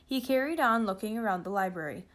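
A woman's voice: medium pitch, animated, quick pace. Woman reading a storybook aloud. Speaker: reader.

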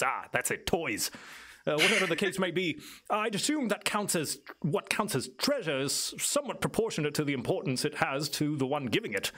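A man's voice: a little high, fairly bright tone. A man voicing a courteous well-read ettercap. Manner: polite, formal, slightly pompous phrasing. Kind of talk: tabletop role-play character voice.

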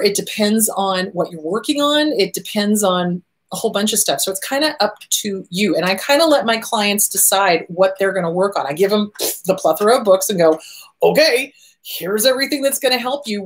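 A middle-aged woman therapist hosting a show, talking casually and animatedly, often acting out the voices she quotes. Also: mid-range voice. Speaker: therapist host. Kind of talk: casual advice talk.

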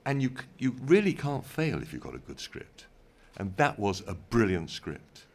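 Older English man, low-voiced storyteller. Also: huge pitch swings, normal speed, creaky. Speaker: former television director, guest. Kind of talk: anecdotal interview talk. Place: event stage in front of an audience.

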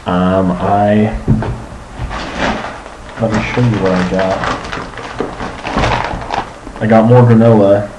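Young man, low voice, casual video diary, rambling, filler-heavy, faint room hiss. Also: fairly even intonation, takes it slowly, pauses often. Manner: rambling, many ums and restarts. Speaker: student vlogger.

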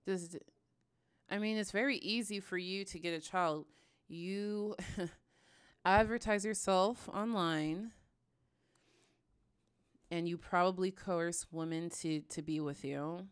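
A woman hosting a reaction video, commenting in a casual, animated way with frequent sighs. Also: on the low side, slow pace, long pauses, smooth, no echo, clean studio sound. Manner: animated, sighing, ranting.

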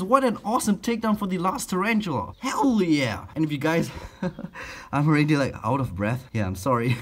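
Host, excitable man with a husky lively voice, coaxing and laughing through a pet feeding vlog. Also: fairly high pitch. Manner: excitable, laughs often, coaxes his pets. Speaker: exotic pet keeper and channel host. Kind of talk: casual animal feeding vlog.

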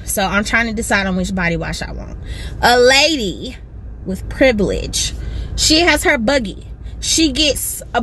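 Sassy, high, bright-voiced woman vlogger. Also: a little hiss or hum. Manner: dramatic, sassy storytelling. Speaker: family vlogger. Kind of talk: animated storytime vlog. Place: parked car in a store lot.

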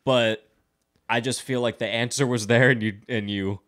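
A man's voice: medium pitch, steady tone, moderate pace, a bit bright. A man hosting a podcast, casually recapping a movie plot in a rambling, profane way, full of fillers. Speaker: podcast host.

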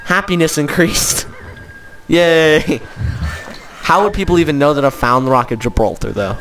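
Brief: slightly high-voiced man, playful let's-play host, laughs a lot, faint game music behind. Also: measured pace, fairly bright tone. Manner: playful, laughs often, jokey. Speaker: gaming channel host. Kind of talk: casual let's-play commentary.

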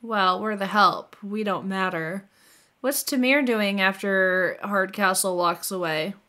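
A woman playing a character in a tabletop role-playing game, chatty and quick to laugh. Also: medium pitch, bright, forceful tone. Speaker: player.

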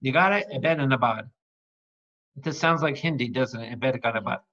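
A man's voice: medium pitch, normal speed, fairly bright tone. A man, a priest, teaching a Bible study in a playful, exclamatory way, quizzing his listeners and making sound effects. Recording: dull lo-fi recording.

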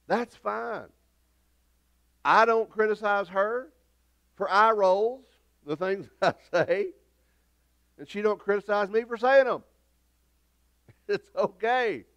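A middle-aged man preaches to his congregation, his voice pitched a little high. He talks in a folksy, rambling way, circling back and restarting his sentences as he tells his stories. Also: takes it slowly, pauses often, a bit bright, lo-fi sound. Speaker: pastor. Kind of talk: sermon. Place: church sanctuary.

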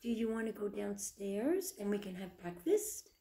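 A woman's voice: mid-range voice, very animated, normal speed, mellow. A woman vlogging with her small dog, talking to it in doting, sing-song baby talk full of coaxing questions. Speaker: pet vlogger.

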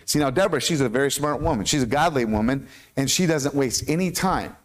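A man with an American accent preaching a sermon as pastor, animated, with questions to the congregation. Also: medium pitch, brisk, few pauses. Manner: animated, asks the congregation questions, stumbles over hard names.

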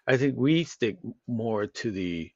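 A man's voice: mid-range voice, lively intonation, slow pace, a little mellow, dry recording, muffled recording. A man co-hosting an unscripted podcast, rambling and repeating words as he overanalyzes ideas aloud. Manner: overanalyzes word meanings. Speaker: podcast co-host. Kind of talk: unscripted casual chat.

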